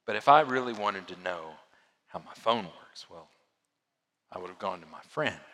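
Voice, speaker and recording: Animated male pastor preaching in a hall. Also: moderate pace. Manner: dynamic preaching, swinging from loud emphasis to hushed lows. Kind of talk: sermon.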